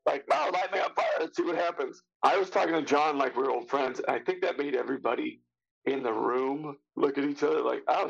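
Raspy, gravelly man in his fifties. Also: mid-range voice, muffled recording. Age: 50s. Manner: animated, acts out quotes of others, casual swearing. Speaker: actor guest. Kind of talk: casual anecdotal storytelling.

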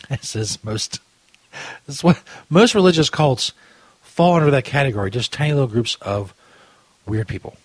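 A man's voice: mid-range voice, animated, normal speed, pauses often, husky, no echo. A man hosting a podcast in a casual, rambling, crude style, often laughing at his own jokes. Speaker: podcast host. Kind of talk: casual commentary chat.

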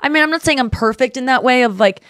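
A woman hosting a podcast, talking in a casual, chatty way full of "like" and quick asides. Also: sits high, a bit bright, no room sound, studio quality. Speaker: podcast host. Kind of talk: casual chat.

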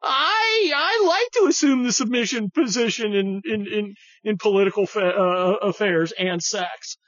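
A man voicing a meek, timid male moderate politician in a high, simpering, mocking falsetto. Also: lively intonation, a little slow, fairly bright tone, no room sound, lo-fi sound, exaggerated voice.

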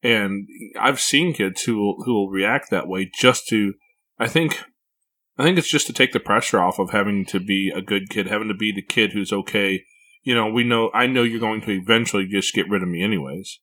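A man's voice: on the low side, moderate pace, pushed and bright. A man hosting a casual podcast conversation as a parent, speaking reflectively with frequent repeated words.

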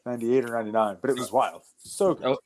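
Young male guest, mid-pitched, casual and animated storyteller, laughs easily between anecdotes. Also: fast. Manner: animated, laughs while telling stories, many fillers. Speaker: interview guest, wrestler.

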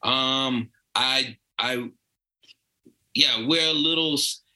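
Comedian guest, New York accent; bright, lively, acts out every quote. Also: male voice, medium pitch, slow pace, rough recording. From Brooklyn/Long Island, New York. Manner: animated, acts out quoted voices. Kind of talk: casual storytelling.

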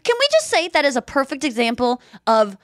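A woman's voice: sits high, brisk, dry recording. Chatty woman podcast host, dry close mic. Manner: animated storytelling, acts out quotes. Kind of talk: casual podcast chat.

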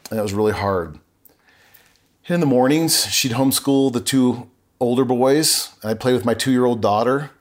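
A man's voice: medium pitch, normal speed. A middle-aged man, a podcast guest, telling his life story in an earnest, emotional way and often correcting himself mid-sentence. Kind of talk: candid personal storytelling.

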